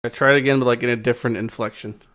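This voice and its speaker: A man streaming a video game who comments excitedly and swears at rare loot. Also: medium pitch, very fast. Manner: excitable, swears often, shouts in surprise. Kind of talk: gameplay commentary.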